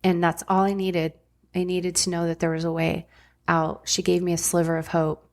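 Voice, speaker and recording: Middle-aged woman, podcast guest, low-ish flat delivery, blunt and candid, casual swearing. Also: moderate pace. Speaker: podcast guest, former ER nurse. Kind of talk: candid conversational storytelling.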